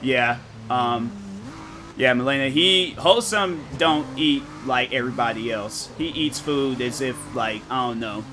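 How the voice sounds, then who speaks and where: A young man streaming games, chatting casually with his viewers and telling animated, slang-filled stories. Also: mid-range voice, measured pace, background noise. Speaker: gaming streamer.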